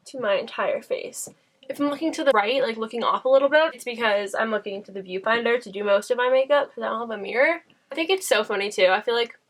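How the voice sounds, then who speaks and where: A woman's voice: fairly high pitch, fairly bright tone. A young woman chatting bubbly to camera as she walks through her makeup tutorial at home. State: out of breath. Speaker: beauty vlogger. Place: bathroom at home.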